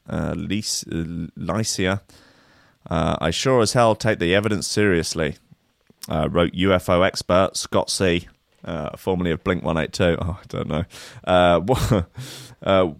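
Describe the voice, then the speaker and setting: Dry-voiced comedy host. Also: male voice, deep voice, vocal fry, no room sound. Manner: dry, sardonic, mock-exasperated. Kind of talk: reading news aloud with jokey asides.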